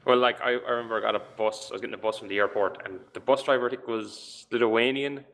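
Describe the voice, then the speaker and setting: A man's voice: mid-range voice, steady tone, quick pace, fairly bright tone. A man, chatting casually on a podcast and telling rambling anecdotes. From Ireland. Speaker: podcast co-host. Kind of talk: casual chat.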